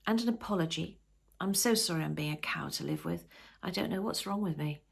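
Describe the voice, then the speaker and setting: A woman's voice: fairly low pitch, a little fast, vocal fry, slightly rough, full character voice. A woman reading the lines of a troubled young mother in a storybook, rueful and wry. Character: troubled young mother, estranged from her family.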